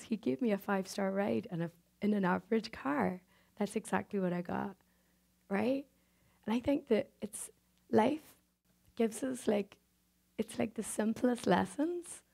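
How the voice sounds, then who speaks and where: A woman's voice: medium pitch, normal speed, gravelly, darkish tone. An Irish woman giving a motivational stage talk, telling a personal story and acting out the dialogue, with frequent tag questions to the audience. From Ireland. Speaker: speaker.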